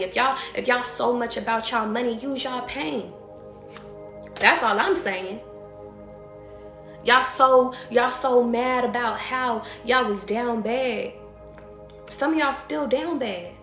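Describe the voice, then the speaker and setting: A woman's voice: on the high side, a bit bright. A woman tarot reader on a live stream, ranting bluntly and profanely to her audience, repeating herself for emphasis. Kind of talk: live-stream motivational rant. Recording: roomy echo with faint music behind.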